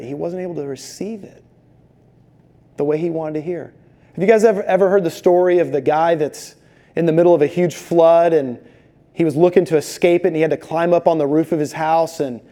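A man preaching a sermon, telling stories with animated, acted-out quotes. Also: a little high. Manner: animated storytelling, acts out voices in quotes. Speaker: pastor.

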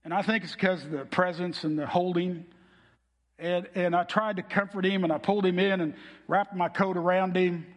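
Middle-aged male pastor with a high-pitched voice, earnest heartfelt preaching, recorded with long hall reverb. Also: fairly even intonation, normal speed. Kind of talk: sermon.

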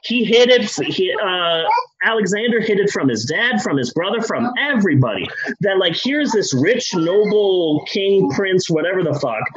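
Husky guy retelling history for laughs, swears a lot, high voice, lo-fi. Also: moderate pace. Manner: casual, profane, animated. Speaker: comedy storyteller.

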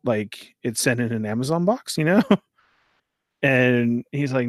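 A man's voice: mid-range voice, unhurried, no echo, clean studio sound. A man casually telling a long story, laughing often and acting out what people said. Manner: animated, laughs often, acts out quoted voices.

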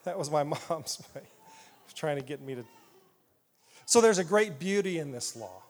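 A man from southeast Iowa preaching a sermon, animated and playful, asking the congregation questions. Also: a little high, unhurried, pauses often. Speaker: pastor. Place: church hall. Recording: long hall reverb.

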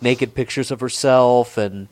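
A man's voice: mid-range voice, steady tone, measured pace, dry recording. A man in his forties telling a long, rambling, profane story in a casual chat, with frequent restarts. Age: 40s.

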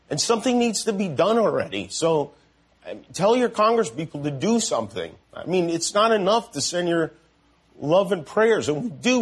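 A man in his fifties making an earnest, emotional on-air appeal, halting and restarting as his voice wavers. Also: high-pitched, slightly rough. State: emotional, voice breaking.

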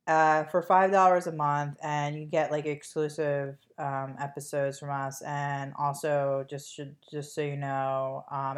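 Low-voiced woman with an accent, rambling. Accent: non-native English accent. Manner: rambling, filler-heavy, joking. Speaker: podcast co-host. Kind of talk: casual chat.

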